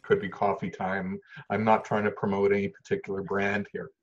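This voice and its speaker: A man from Canada, a parenting expert explaining ideas in a lively way and acting out little scenes with changing voice and volume. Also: on the low side, a little fast. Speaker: parenting expert, workshop leader. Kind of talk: animated storytelling explanation. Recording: dull lo-fi sound.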